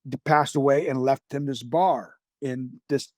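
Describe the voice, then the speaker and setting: A man's voice: mid-range voice, steady tone, a little slow, a little mellow, no room sound, studio quality. A man, a guest on a podcast, telling a long anecdote in a rambling way, with many restarts and acted-out quotes. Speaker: series creator guest. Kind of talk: podcast storytelling.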